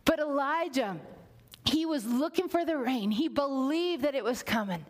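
A woman's voice: high voice, lively intonation, moderate pace. A woman preaching a sermon, telling a story, acting out the characters' lines and dropping to a whisper for emphasis. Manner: storytelling, acts out voices, drops to a whisper for emphasis.

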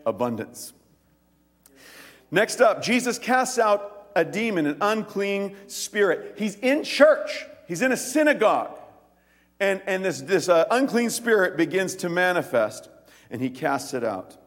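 A pastor with a high-sitting voice preaches a sermon in a large hall. He tells stories animatedly, acting out the quoted lines in quick voices.

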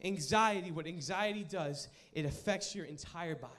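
High-voiced young preacher telling a story. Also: male voice, moderate pace. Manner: animated, jokey storytelling to a live room. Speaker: youth pastor. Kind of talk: sermon with personal story. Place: live room with an audience.

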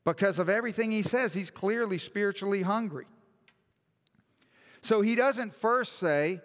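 A man's voice: sits high, normal speed, pauses often, a bit bright. A male pastor preaching a sermon in a church hall, emphatic and full of rhetorical questions, with long hall reverb.

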